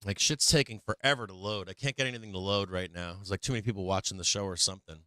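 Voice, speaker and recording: Casting: male live-stream trading host, very clear crisp voice, dry close sound, mid pitch, teasing, swears freely. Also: fast talker, pushed and bright, no echo. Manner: talks to the chart teasingly, swears, laughs often. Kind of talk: casual live-stream commentary.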